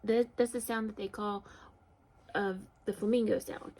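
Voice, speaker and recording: A woman teacher reading a picture book aloud to young children in a sing-song storybook voice, with high excited calls and gentle, encouraging questions. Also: moderate pace, a little hiss or hum.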